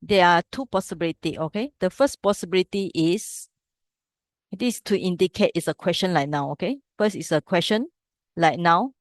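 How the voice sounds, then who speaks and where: This classroom lesson features a woman teaching Pali through old scripture, moving step by step and checking in with students as she goes. Her voice is lowish and her speed normal. It's studio quality, with no room sound.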